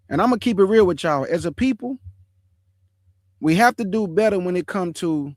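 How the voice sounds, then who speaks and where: A man hosting an online show, chatting casually about scripture in relaxed slang and calling his viewers family. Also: a little high, no echo. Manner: laughs often while telling stories. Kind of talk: casual livestream chat on scripture.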